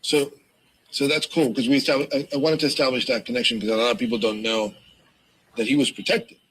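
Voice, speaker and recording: A man interviewing someone, asking questions in an easygoing way with some halting restarts. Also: mid-range voice, steady tone, fairly bright tone, husky, rough recording.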